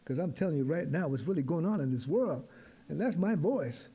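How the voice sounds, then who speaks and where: A man doing a brash young tough talking fast and loud, pushy and demanding. The voice sits high and dark-toned, a street-tough swagger. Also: animated, husky. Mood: defiant.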